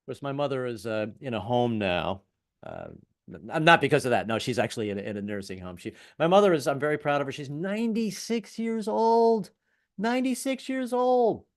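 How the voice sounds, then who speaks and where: A man's voice: medium pitch, animated, quick pace. A man in his fifties doing a self-deprecating stand-up routine over a video call, with wry punchlines and stammered restarts. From US, moved around incl. the South. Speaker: stand-up comedian.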